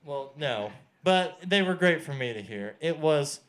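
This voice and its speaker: A deadpan male comic working a small room through a stage mic, his voice sitting a touch higher than most men's. He tells his self-mocking story in a dry, flat way. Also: measured pace, a little hiss or hum. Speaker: stand-up comedian. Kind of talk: stand-up set. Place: small comedy venue.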